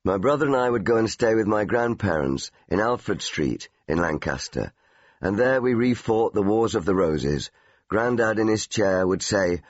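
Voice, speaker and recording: An older Englishman reads his memoir aloud in a wry, storytelling manner. His voice is low and slightly husky. The studio sound is dry and a little dull. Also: animated, moderate pace, no echo. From England. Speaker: memoir narrator. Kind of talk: audiobook memoir reading.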